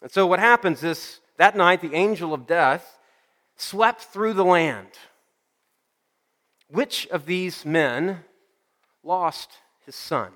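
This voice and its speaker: A male pastor delivers a sermon with a slightly raised voice, telling a story before slowing down and dropping his voice to drive each point home. A long reverb trails his words, as if he were speaking in a large hall. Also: sits high, expressive. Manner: storytelling, slowing and softening for emphasis.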